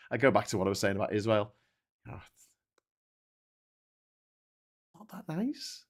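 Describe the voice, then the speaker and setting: A man's voice: medium pitch, lively intonation, moderate pace, pauses often, a bit bright. A man hosting a livestream, chatting casually about politics and reading viewer comments, swearing often and restarting his sentences. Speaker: livestream host reading chat. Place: at home with a dog.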